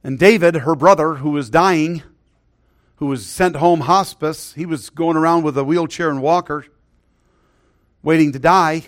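A middle-aged male preacher delivers his sermon in a notably high voice. He is earnest, calling for amens, and often sinks to a hushed, softer tone when he tells a personal story. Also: measured pace. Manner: earnest, drops to a hushed voice for stories.

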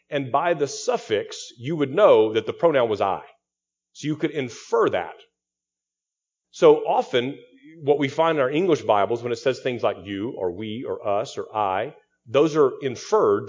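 Guy pastor explaining scripture, lots of restarts, husky voice, muffled lo-fi recording. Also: medium pitch, darkish tone. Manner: expository teaching with frequent restarts and repeated words. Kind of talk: sermon.

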